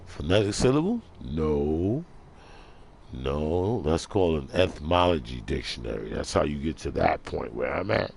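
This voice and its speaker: A man's voice: very deep voice, animated, unhurried, vocal fry, slight background noise. A man ranting in a vlog monologue, preachy and full of rhetorical questions, repeating himself for emphasis. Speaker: vlogger.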